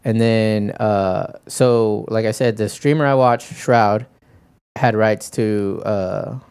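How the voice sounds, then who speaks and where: A man's voice: fairly low pitch, fairly even intonation, takes it slowly, a little mellow, clean tone. A man co-hosting a podcast, telling stories in a rambling casual way full of fillers. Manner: rambling, heavy on filler words and impressions. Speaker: podcast co-host. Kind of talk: casual chat.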